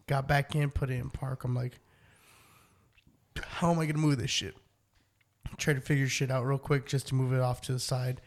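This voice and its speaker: A man co-hosting a podcast, telling a profane story in casual chat and acting out his own lines. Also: mid-range voice. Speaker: podcast co-host.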